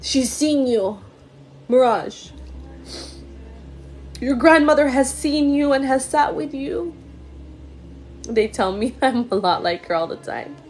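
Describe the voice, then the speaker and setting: A woman's voice: high-pitched, animated, slow pace, long pauses, a little hiss or hum. A young woman giving a live-streamed psychic reading, emotional and gushing, with many repeated words and fillers. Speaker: psychic medium. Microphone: phone or computer mic on a live stream.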